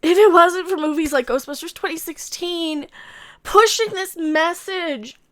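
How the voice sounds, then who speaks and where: A woman hosts a livestream reaction, her voice set very high. She rants with feeling, swears freely and laughs between lines. Her tone is bright and sharp. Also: a little slow. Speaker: livestream host reacting to a trailer.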